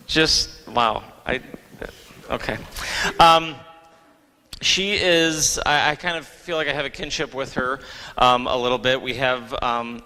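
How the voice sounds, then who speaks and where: A man's voice: medium pitch, sharp tone. A man, a theater director, giving a casual award speech, joking and hesitant with many ums, recorded in a school auditorium. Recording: long reverb of a large hall.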